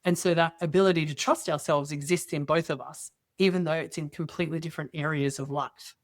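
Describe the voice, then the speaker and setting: A middle-aged woman guest telling personal stories in casual conversation, lively and acting out dialogue with quoted voices. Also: sits low, fairly quick, no room sound, clean studio sound. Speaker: interview guest.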